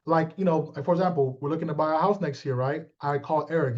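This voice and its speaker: A man giving a motivational talk to his team, animated and streetwise, calling out listeners by name. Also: on the high side, quick pace, hardly any pauses, dull audio. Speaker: team leader.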